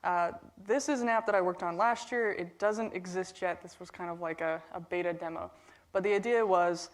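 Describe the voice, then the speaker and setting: A woman's voice: on the low side, steady tone, moderate pace. A woman in her thirties from Portland, Oregon, giving a casual, chatty conference keynote with plenty of fillers. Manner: casual and chatty, with frequent fillers and a few laughs. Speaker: keynote speaker. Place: conference hall stage.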